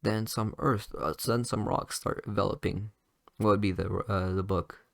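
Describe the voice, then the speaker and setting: Retelling a story off the cuff, a young man rambles, stumbling over fillers and restarts. His low voice has a gravelly edge yet a fairly bright tone, with fairly even intonation and a moderate pace; the recording is dry and close, with no room sound.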